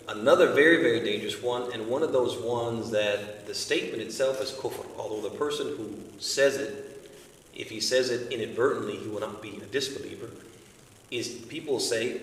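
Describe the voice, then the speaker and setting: A man's voice: mid-range voice, moderate pace. A man teaching an evening study circle lesson, explaining patiently and often checking with his listeners through rhetorical questions. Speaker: religious studies teacher. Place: large community center hall. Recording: echoey hall, voice from far off.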